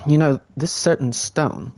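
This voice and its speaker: A man's voice: on the high side, a little slow, a little mellow. A man with a Texan accent, rambling casually to himself as he films a vlog. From Texas. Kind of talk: casual musing vlog talk. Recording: noisy background.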